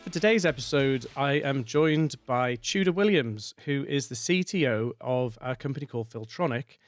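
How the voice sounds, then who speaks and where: A man's voice: mid-range voice, expressive, moderate pace, soft background music. A man in his forties hosting a podcast interview, asking long, rambling questions. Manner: rambling, uses many fillers. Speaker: podcast host.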